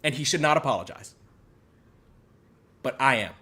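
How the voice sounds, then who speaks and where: Bright-voiced man sarcastically apologizing. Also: medium pitch, animated, normal speed. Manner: sarcastic, exaggerated contrition, swings from loud to muttered. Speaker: podcast host.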